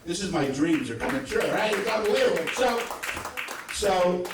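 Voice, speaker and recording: A man's voice: sits high, animated, unhurried, noisy background. A man doing a live stand-up set, telling profane stories with frequent asides to the crowd. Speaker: stand-up comedian. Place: comedy club stage. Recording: echoey club sound from a distant mic.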